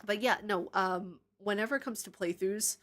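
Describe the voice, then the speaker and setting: A woman's voice: mid-range voice, moderate pace, fairly bright tone. A woman streaming live, chatting casually and answering viewer comments, rambling into tangents and laughing often.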